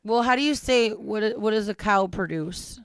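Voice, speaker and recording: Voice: mid-range voice, normal speed, fairly bright tone, clear, resonant tone, no room sound, clean studio sound. A Chicago native in their thirties co-hosting a casual podcast, laughing often, swearing and quoting people in put-on voices. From Chicago, Illinois. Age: 30s. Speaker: podcast co-host. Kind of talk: casual chat.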